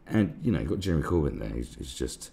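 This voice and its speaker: A man's voice: rumbling low, very animated, fast, vocal fry, warm tone. A man hosting a live stream, ranting sarcastically and swearing a lot in casual commentary. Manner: crude, sarcastic, swears often.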